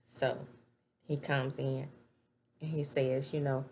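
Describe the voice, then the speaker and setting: A woman recapping a TV show in casual, animated chat from a home webcam setup. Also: a bass voice, takes it slowly, creaky, pauses often, a little hiss or hum. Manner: chatty, animated, laughs while retelling scenes. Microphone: webcam setup with ring light.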